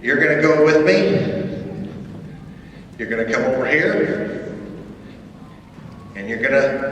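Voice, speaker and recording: A man's voice: mid-range voice, animated, slow, pauses often, a bit bright, slight background noise. A man, a horse training clinician, coaching riders through a live arena demonstration with short, repeated commands. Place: large indoor horse arena at an expo. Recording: echoey arena from far off.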